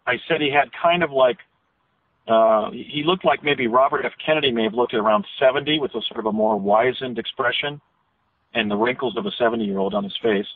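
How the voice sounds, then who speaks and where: A man's voice: mid-range voice, fairly quick, no echo. A man being interviewed by phone, telling a detailed story with frequent restarts and self-corrections. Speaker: interview guest. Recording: tinny phone line.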